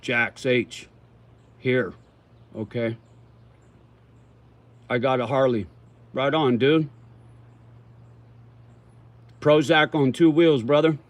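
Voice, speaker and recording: A man hosts a casual livestream, chewing tobacco as he answers viewer comments with profanity and slang, calling people "homie" and "brother." His mid-range voice has fairly even intonation, and he speaks slowly with frequent pauses.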